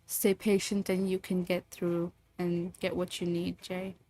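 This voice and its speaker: A woman's voice: lowish voice, flat delivery, a little slow, warm tone, faint music behind. A woman chatting casually with her livestream viewers in a playful, teasing way. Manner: playful, teasing, lots of laughs.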